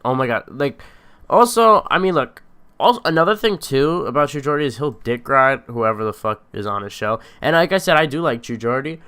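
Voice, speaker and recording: A man's voice: medium pitch, a little fast, few pauses, fairly bright tone, clean tone. Young man rambling profanely on stream. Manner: rambling, profane, slangy chatter. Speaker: live stream host. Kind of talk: casual live stream commentary.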